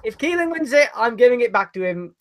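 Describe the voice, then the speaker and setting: A playful man co-hosting a casual chat, who teases and giggles often. His voice is bright and his pitch bounces around a lot. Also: expressive, fast talker. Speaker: podcast co-host.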